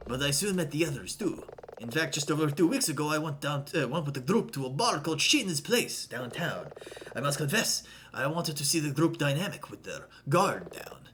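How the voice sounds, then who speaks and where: Woman voicing a vain male photographer, pompous, obnoxious, affected put-on accent, lively pitch. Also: moderate pace, slight background noise. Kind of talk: voicing characters in a visual novel stream.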